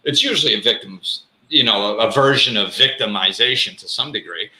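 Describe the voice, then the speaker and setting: A man with a very bright, forward voice, talking in a casual, animated way as the host of a live show. He acts out bits of dialogue and laughs at himself. The sound is echoey, as if recorded in a hard room. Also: lowish voice, brisk. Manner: animated, self-mocking, acts out quotes.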